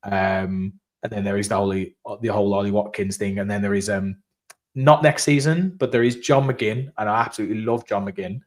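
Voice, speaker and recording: A man's voice: on the low side, a little fast. A man co-hosting a live post-match fan chat, talking casually and animatedly, with the odd swear. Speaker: fan channel co-host.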